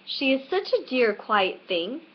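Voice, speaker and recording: A woman's voice: high voice, very animated, measured pace, full character voice. Alice, a chatty little girl, played by a woman. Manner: earnest, rambling chatter. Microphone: webcam. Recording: dull lo-fi webcam recording.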